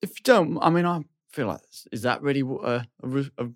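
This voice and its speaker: A man's voice: medium pitch, fairly quick. A man playing a cabin boy in a tabletop role-play, talking hesitantly with many fillers. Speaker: player.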